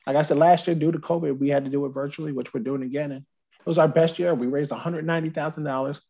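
An upbeat man from New Jersey chats as a podcast guest, his voice pitched a little high and gravelly with fry. He rambles and repeats words as he talks. The call audio is dull and lo-fi. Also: fairly even intonation, fast, warm tone. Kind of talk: casual interview chat.

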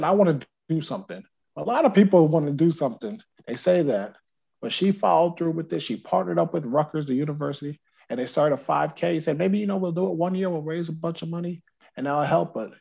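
An upbeat man from New Jersey chats as a podcast guest, his voice pitched a little high and gravelly with fry. He rambles and repeats words as he talks. The call audio is dull and lo-fi. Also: darkish tone. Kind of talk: casual interview chat.

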